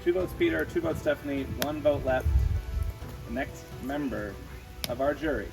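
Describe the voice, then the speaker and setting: A male game show host reads out the votes in a measured, formal announcer manner. He sits well back from the microphone, so his voice sounds distant. Clear music plays underneath him. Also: mid-range voice. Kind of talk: announcing votes at a tribal council.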